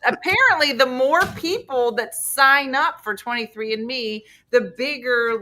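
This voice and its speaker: Middle-aged female podcast host, bright tone, lively anecdote-teller. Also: sits high, normal speed, few pauses. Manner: lively storytelling, acts out quotes. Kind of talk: casual chat on a live podcast.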